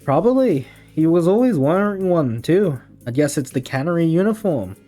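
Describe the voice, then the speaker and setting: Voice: medium pitch, animated, moderate pace, warm tone, faint music behind, pitched above the performer's own voice, close to an everyday voice. A streamer voicing an offhand woman baker with a put-on Scottish or Irish lilt. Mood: breezy. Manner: offhand and casual. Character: smiling middle-aged woman baker, offhand.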